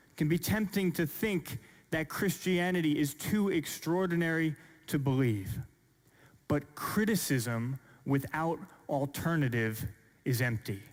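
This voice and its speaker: A man giving an earnest, measured apologetics talk to an audience, asking rhetorical questions, recorded in a large church hall. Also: fairly high pitch. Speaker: speaker. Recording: long hall reverb.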